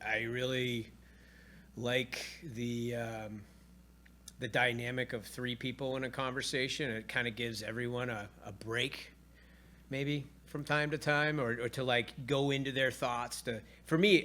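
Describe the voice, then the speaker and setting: A man's voice: medium pitch, sharp tone. A man co-hosting a casual podcast chat in a studio, upbeat and often restarting his sentences. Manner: upbeat, talks in restarts and repeats. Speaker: podcast co-host. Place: recording studio.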